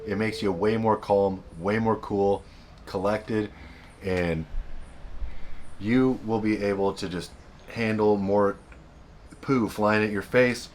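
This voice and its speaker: A man's voice: fairly low pitch, fairly even intonation, slow pace, pauses often, slight background noise. A man hosting a self-help video, giving blunt, repetitive, emphatic advice in a casual monologue.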